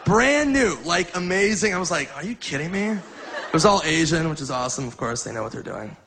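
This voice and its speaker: A man's voice: fairly high pitch, lively intonation, a little fast, a bit bright, some chatter behind, slight background noise. A man doing stand-up, telling a story in a loose, laughing way and acting out voices. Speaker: stand-up comedian.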